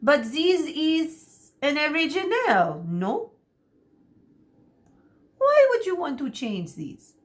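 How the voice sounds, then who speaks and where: A woman voicing a flamboyant male hairstylist, grand and drawn-out. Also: sits high, very animated, voice pushed up, exaggerated voice. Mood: theatrical. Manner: grand, drawn-out, sing-song.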